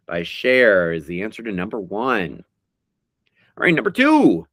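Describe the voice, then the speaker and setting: A man hosting a trivia podcast, reading song lyrics slowly and deliberately and announcing each question with animated energy. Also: fairly low pitch, dry recording, studio quality. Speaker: podcast host.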